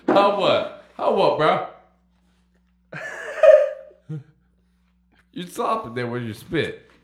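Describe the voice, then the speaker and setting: A man talking in a giggly country drawl, his pitch swinging up and down through improvised comedy banter. The room around him is echoey. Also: sing-song, drawn-out words, pauses often, a little hiss or hum. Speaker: comedy podcast cast member.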